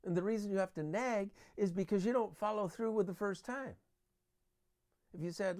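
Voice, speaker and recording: A man's voice: high voice, moderate pace, a little mellow. A man giving an earnest Christian parenting talk that uses Bible verses and everyday examples.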